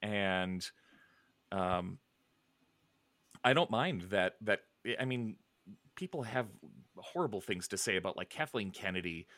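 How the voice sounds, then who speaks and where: A middle-aged man chatting casually, rambling with many restarts and soft chuckles. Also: fairly low pitch, animated, unhurried, long pauses, no room sound. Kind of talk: casual chat.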